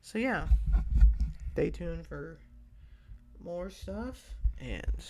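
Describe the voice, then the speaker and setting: A man's voice: sits high, animated, very slow. A tired young man hosting a solo podcast, rambling and hesitant with lots of fillers and restarts, yawning now and then. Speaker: podcast host.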